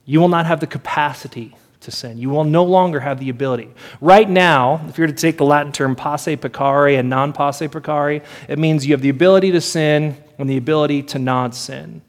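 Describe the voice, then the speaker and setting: A man's voice: on the high side, brisk, hardly any pauses. A man preaching a sermon to a congregation, earnest and building his points through repeated phrases. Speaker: pastor.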